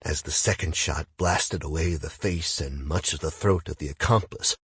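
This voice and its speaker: A man reading an audiobook as first-person narration, with a measured, grave, steady delivery and a husky voice. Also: extremely low pitch, dry recording.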